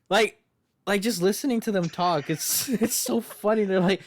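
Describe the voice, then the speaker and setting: This podcast co-host has a high, somewhat bright male voice, recorded cleanly in a studio with no echo. He chats casually, laughs often, and fills his speech with lots of fillers.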